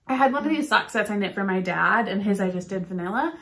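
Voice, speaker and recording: A woman co-hosting a podcast, chatting quickly and eagerly about her knitting. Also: mid-range voice, animated, fairly bright tone. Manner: fast, chatty, enthusiastic. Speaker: podcast co-host. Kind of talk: casual chat about knitting.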